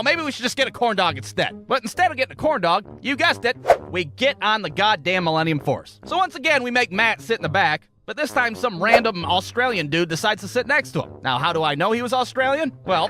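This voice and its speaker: A young man streamer telling a comedic story, profane and animated, slipping into voices. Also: high-pitched.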